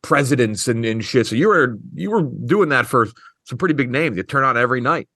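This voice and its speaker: A man's voice: medium pitch, lively intonation, brisk, bright, forceful tone, no room sound, studio quality. A man hosting a movie podcast, asking questions in a chatty way. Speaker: podcast host. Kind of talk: casual interview.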